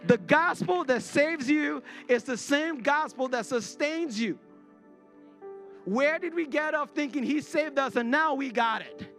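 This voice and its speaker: A man's voice: very high voice, a little slow, a bit bright, faint music behind. A man in his forties, a pastor preaching a sermon to his congregation. He speaks earnestly and confessionally and repeats words when worked up. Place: church sanctuary before a congregation.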